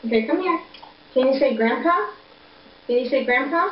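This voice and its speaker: A young mother coaxing her toddler in high sing-song baby talk over a video call, repeating simple prompts. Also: lively intonation, normal speed. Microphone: computer video call mic. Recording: dull echoey video-call audio, faint noise.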